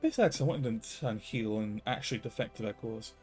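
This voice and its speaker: Casual male streamer, mellow mid voice, light music bed. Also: lowish voice, quick pace. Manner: casual, offhand. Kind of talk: live game stream commentary.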